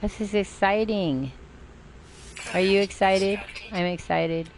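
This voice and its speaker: A woman's voice: mid-range voice, fairly even intonation, takes it slowly, a little hiss or hum. An older woman rambling through live gameplay commentary, chatting to herself and her viewers and swearing now and then. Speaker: game streamer. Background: game music.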